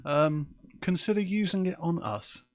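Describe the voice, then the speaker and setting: A man's voice: a little high, measured pace, dry recording. A man hosting a live-streamed podcast from his home office, chatting casually and swearing offhandedly. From England. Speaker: podcast host. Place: home office with windows open. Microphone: desk microphone.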